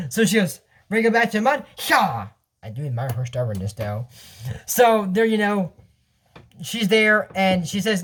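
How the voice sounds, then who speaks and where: A man's voice: high-pitched, lively intonation, a little fast, fairly bright tone. A young man casually recapping a cartoon episode, rambling with restarts and laughing at his own jokes.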